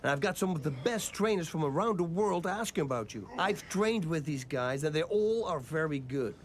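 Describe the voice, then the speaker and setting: A man's voice: on the high side, lively intonation, moderate pace, slight background noise, lightly acted. A man voicing a friendly, boastful fighter mentor in a video game cutscene. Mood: encouraging. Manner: boastful, friendly pep talk.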